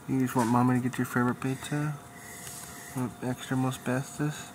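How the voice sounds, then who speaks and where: A man talking softly to his newborn son as his father, cooing and repeating himself. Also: mid-range voice, little pitch movement, background noise. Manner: soft, slow, repetitive cooing. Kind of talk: baby talk to newborn son.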